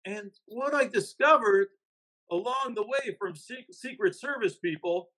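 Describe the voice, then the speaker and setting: A man's voice: high-pitched, unhurried, bright, forceful tone, low-quality recording. A man, an investigative reporter and author, talking emphatically as a podcast guest. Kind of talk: casual podcast interview.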